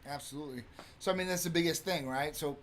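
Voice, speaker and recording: Calm man giving measured advice. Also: fairly high pitch, slight background noise. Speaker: co-host. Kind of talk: live stream chat.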